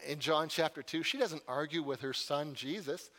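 An earnest man preaches a sermon and tells stories with animation, often repeating a word as he goes. His voice sits fairly high for a man. It rings with a long hall reverb. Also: measured pace, a bit bright.

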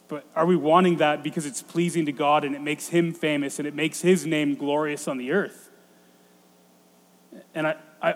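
A man in his thirties preaching a sermon, thinking aloud in a halting way with frequent restarts. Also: fairly high pitch. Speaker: pastor. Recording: long hall reverb.

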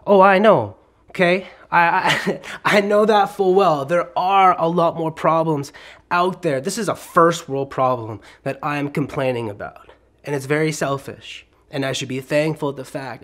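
Male preacher, slightly high voice, lively comic storyteller in a sermon.

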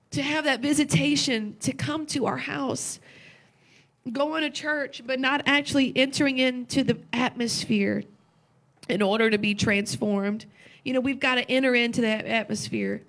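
A woman preaching a sermon with passion, repeating phrases and asking rhetorical questions, at times tearful. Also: high-pitched.

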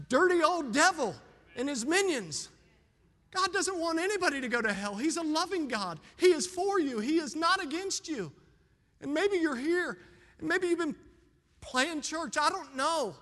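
A male pastor preaching in a church with a high, bright, forceful voice that carries through a long, echoing hall. He drops to a soft plea one moment and rises to fervent, loud preaching the next, sometimes running short of breath. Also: expressive, unhurried. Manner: swings from hushed pleading to loud fervent preaching. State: out of breath at times. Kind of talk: sermon. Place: church sanctuary with congregation.

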